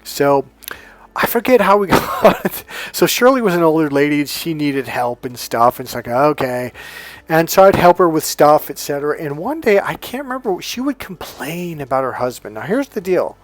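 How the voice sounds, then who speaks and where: A man talking casually as a dating coach, telling a story with lively asides and quoted voices. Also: on the high side, moderate pace, dry recording. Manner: animated, mimics voices in quoted dialogue, laughs often.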